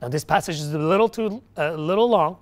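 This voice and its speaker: A male pastor preaching a sermon, swinging from quiet, low stretches to loud, emphatic bursts, with frequent restarts. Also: a little fast.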